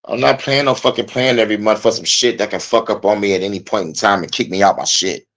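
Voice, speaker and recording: Young male streamer, casual and cussing, animated frustrated rant. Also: fast. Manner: profane, animated, frustrated venting with swings in pitch and loudness. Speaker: podcast host.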